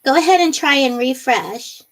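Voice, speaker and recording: A woman's voice: high voice, expressive, normal speed. A woman hosting a casual live stream, reading viewer comments aloud and laughing often, her nose a little runny. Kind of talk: casual live chat while crafting.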